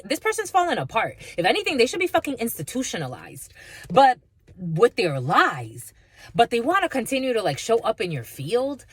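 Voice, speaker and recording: A woman's voice: mid-range voice, breathy edge. A woman giving a tarot reading, blunt and mocking, swearing freely as she talks to her viewers. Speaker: tarot reader. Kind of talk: spiritual reading with profanity.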